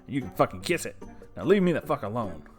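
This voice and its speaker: A man's voice: fairly high pitch, big pitch swings, a little fast, soft background music, pitched above the performer's own voice. A man voicing a cranky, foul-mouthed old male war veteran who mocks and curses bluntly. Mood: scornful. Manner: blunt, cursing, mocking.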